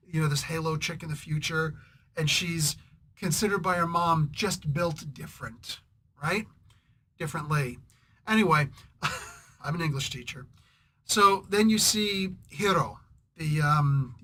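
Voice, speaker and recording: Hosting a comic book review, a man rambles casually and irritably, dropping sarcastic asides and clearing his throat often. His voice sits on the high side and sounds pushed and bright.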